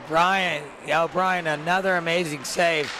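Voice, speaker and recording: A hoarse man adding casual color commentary to a hockey broadcast, with dry, amused asides. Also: on the high side, steady tone, normal speed. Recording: rink commentary with loud arena noise.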